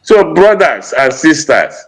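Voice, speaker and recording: A man's voice: fairly high pitch, big pitch swings, slow pace, vocal fry, poor audio. A man with a Nigerian Igbo accent giving an impassioned political address, mixing English and Igbo and repeating phrases for emphasis.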